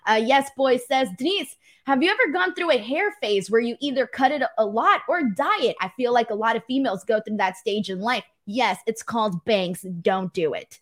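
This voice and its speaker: A woman's voice: on the high side, lively intonation, moderate pace, hardly any pauses. A woman co-hosting a casual wrestling podcast, reading viewer comments aloud and laughing often. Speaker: podcast co-host.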